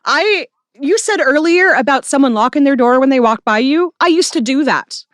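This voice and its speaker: A woman's voice: high voice, lively intonation, no echo. Woman cohost chatting, blunt, cusses a lot, dry close sound. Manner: blunt, swears freely, quick asides. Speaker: podcast co-host. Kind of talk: casual chat.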